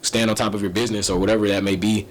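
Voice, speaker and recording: A young man answering interview questions in a relaxed, easygoing way, laughing often. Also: lowish voice, rapid-fire, slight background noise. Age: young adult. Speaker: interview guest.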